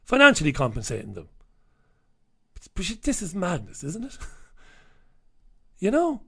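A man's voice: high-pitched, wildly swooping pitch, measured pace, gravelly, a bit bright, breathy edge. A man hosting a casual talk radio show, delivering a sardonic monologue with offhand asides and chuckles.

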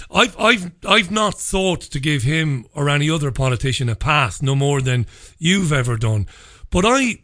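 A man's voice: a little high, fairly bright tone. A man hosting a podcast, talking earnestly and at length as he lays out his theories. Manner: earnest, rambling, speculative. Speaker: podcast host. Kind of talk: podcast conversation.

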